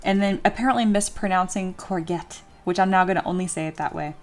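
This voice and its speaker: A woman livestreams her 3D sculpting, chatting casually as she works and reading viewer comments with self-deprecating humor. Her voice is medium in pitch and fast, and soft music plays in the background.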